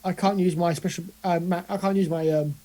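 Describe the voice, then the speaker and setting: A woman playing a tabletop game, chatting casually and thinking aloud in an excitable way. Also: lowish voice, brisk, poor audio. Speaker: player.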